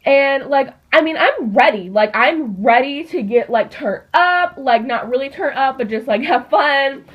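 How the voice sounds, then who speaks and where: A teenage girl vlogger telling a story in a chatty, animated way, peppered with fillers. Her voice sits a bit high. The recording is dull and lo-fi. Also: measured pace, few pauses. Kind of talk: casual storytime.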